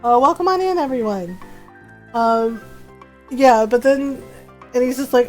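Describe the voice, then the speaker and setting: A woman's voice: fairly high pitch, expressive, moderate pace, long pauses, soft background music. A woman streamer chatting casually while gaming, telling stories with a lot of laughter and acting out what people said. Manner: chatty storyteller, laughs often, acts out quotes.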